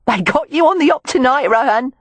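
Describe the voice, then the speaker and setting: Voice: sits high, lively intonation, a little fast, fairly bright tone, dry recording, pitched above the performer's own voice. A narrator voicing a brassy, teasing woman of the streets with a Cockney accent, calling out bawdy jibes. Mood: mocking.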